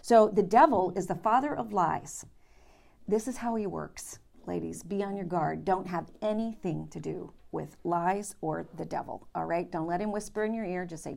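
Middle-aged woman teaching a Bible study, a bit of fry in her voice, chatty, keeps asking "all right?". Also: lowish voice, normal speed, a little mellow. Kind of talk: teaching and prayer to a women's group.

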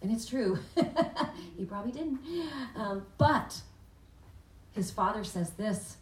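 A woman giving sermon-style Bible teaching, animated and questioning her listeners, acting out the words of the father in the story. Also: medium pitch, slow, pauses often. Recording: echoey room, voice from a distance.

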